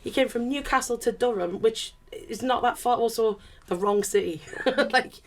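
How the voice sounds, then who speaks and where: A woman speaking on a panel discussion, telling candid stories in a lively way, full of laughter and acted-out quotes. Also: fairly high pitch, normal speed, a little hiss or hum. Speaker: panelist, turntablist.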